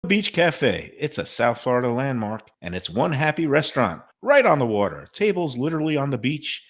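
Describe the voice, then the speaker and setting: A man rattles off restaurant advertisements in an upbeat, promotional read. His voice sits at an ordinary pitch and sounds dry and close, with no room around it. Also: very animated, moderate pace, no echo. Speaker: radio show ad reader.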